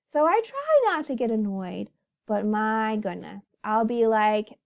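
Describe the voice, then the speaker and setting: High-voiced woman teaching phonics slowly. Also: vocal fry. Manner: animated, storytelling, talks to children as boys and girls. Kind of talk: phonics lesson for young children.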